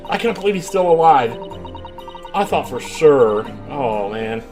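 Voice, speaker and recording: A man giving chatty, excitable commentary while playing a video game, with frequent exclamations. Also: a little high, unhurried. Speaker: let's play streamer. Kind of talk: gaming commentary. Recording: faint game music behind.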